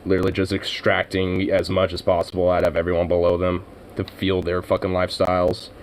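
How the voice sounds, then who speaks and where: A man's voice: deep voice, monotone, a little fast, slight background noise, poor audio. Swearing, rambling American man. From United States. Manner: swears constantly, laughs often, rambling with many fillers. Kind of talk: casual profane rant.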